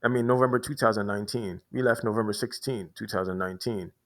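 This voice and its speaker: A man's voice: on the low side, quick pace, fairly bright tone. Rambling New man telling a story. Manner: rambling, many restarts and repeated words. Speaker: vlogger. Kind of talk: casual storytelling monologue.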